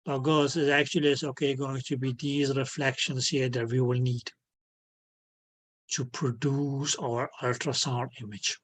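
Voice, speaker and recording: A man teaching an online physics class, slowly and patiently, filling his speech with "okay" and making small grammar slips. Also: medium pitch, flat delivery. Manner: repeats "okay" as filler, non-native grammar slips. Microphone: video call.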